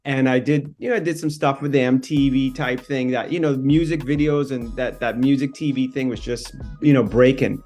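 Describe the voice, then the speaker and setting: A relaxed, easygoing man in his fifties speaks with a Bahamian-New York accent. His voice sits at a middle pitch, and faint music plays behind him. He talks in loose, meandering sentences full of fillers. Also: normal speed, hardly any pauses. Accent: Bahamian-New York mix. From born in New York, raised in the Bahamas. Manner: laid-back, rambling, many "you know" fillers. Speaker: TV host, guest. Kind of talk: casual interview chat.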